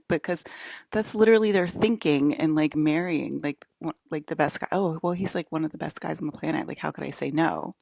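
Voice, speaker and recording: Low gravelly woman ranting casually. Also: a little mellow, no echo, studio quality. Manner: filler-heavy, frequent "like", restarts; exasperated, ranting commentary. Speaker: vlogger. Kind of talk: casual rambling monologue.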